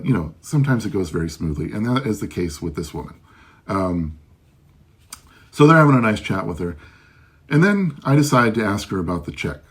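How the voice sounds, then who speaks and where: A man's voice: sits low, breathy edge. A man who runs a loss prevention business, casually telling a story about his work with frequent ums and restarts. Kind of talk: casual first-person storytelling.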